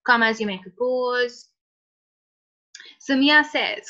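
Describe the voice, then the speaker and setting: A woman with a slightly high, bright, forceful voice teaches an online class at a measured pace. Chatty and encouraging, she reads student chat messages out loud. The audio sounds like a lo-fi online call.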